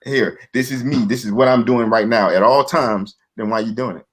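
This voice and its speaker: At a moderate pace and with a breathy edge, a male guest talks casually and earnestly. He repeats himself, keeps restarting his sentences, and performs quoted voices in a higher register.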